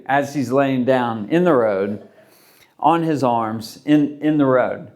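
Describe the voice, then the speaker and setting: Taking his time, a male pastor preaches in a mid-range voice with an easy, conversational tone. He performs the voices of those he quotes as he goes.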